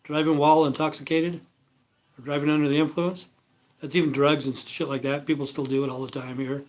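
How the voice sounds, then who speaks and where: A man's voice: on the high side, level tone, fairly quick, a little mellow. An American man in his fifties hosting a livestream, rambling bluntly in casual talk, swearing constantly and trailing off with "you know". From United States. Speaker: livestream host.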